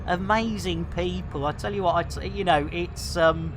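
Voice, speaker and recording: A woman in her fifties streaming a video game live, bantering exuberantly with viewers and bursting into shouts. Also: lowish voice, normal speed, music in the background. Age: 50s.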